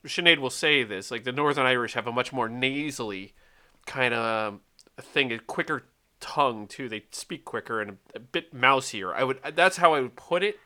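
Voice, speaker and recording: A man co-hosting a podcast in casual chat, explaining things hesitantly and haltingly. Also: medium pitch, pushed and bright. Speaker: podcast co-host.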